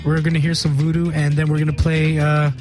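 A man hosting a casual music radio show, talking in a relaxed, rambling way with plenty of fillers. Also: on the high side, a little fast. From United States.

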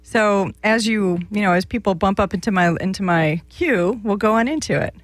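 A woman's voice: mid-range voice, normal speed, no room sound. A woman hosting a live call-in radio show, giving psychic readings in a chatty, meandering way with many restarts.

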